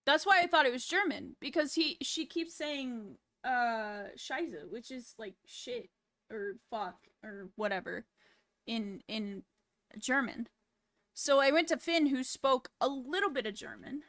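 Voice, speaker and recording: A woman streamer talking casually to her chat, unhurried and laid-back, with swearing that slips in easily. Her voice sits high and bright.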